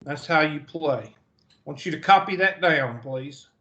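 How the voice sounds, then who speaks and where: A man with a Southern US accent, his voice fairly high and fairly bright, teaches math over a video call in an animated, unhurried way. He chats and thinks aloud through the online lecture, and the audio is muffled.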